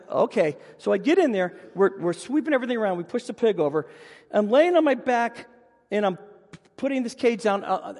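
A pastor with a high-pitched male voice delivers a sermon from the pulpit, animatedly recounting funny, self-deprecating stories from his own life. His words echo with a long reverb, like in a church sanctuary.

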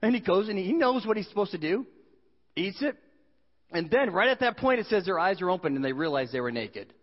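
Lively, high-voiced preacher telling funny stories. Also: male voice, fairly quick. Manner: animated, joking storytelling. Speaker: pastor. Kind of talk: sermon. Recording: dull sound in a reverberant hall.

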